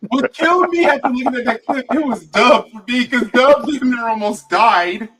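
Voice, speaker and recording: A man's voice: very high voice, normal speed, fairly bright tone, rough recording. A man in his early thirties hosting a casual watch-along chat with friends, joking and leading the group. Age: early 30s. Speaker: podcast host.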